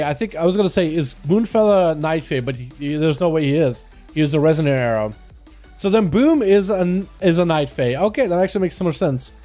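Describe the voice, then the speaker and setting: Young male streamer, high but mellow voice, chatty play-by-play, faint music behind. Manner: casual, chatty, fast play-by-play. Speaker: streamer and game commentator. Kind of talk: live game commentary.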